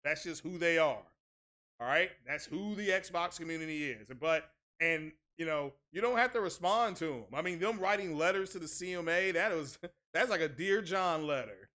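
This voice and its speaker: A man's voice: fairly high pitch, moderate pace, pushed and bright. Sarcastic man ranting in mock outrage. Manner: crude, blunt street talk. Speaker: tech channel host. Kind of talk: casual streamed rant.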